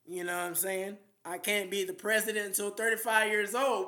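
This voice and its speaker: Grandiose young man rambling to the camera in a high, bright voice, with a roomy echo around him. He repeats himself and leans on fillers, then stretches certain words out slowly for weight. He sounds defiant and sure of his own importance. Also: level tone. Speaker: self-styled spiritual leader addressing world leaders.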